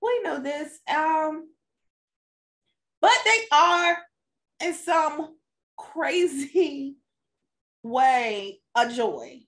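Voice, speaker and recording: Laughing frequently, a podcast co-host who is a mother and stepmother shares a casual family story. She speaks in a high voice, very slowly, with long pauses, relaxed throughout.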